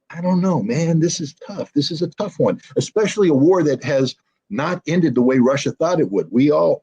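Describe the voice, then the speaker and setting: Husky man, animated political commentary. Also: on the high side, highs cut off. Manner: hesitant fillers, then animated and emphatic. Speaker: guest analyst. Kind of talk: interview commentary.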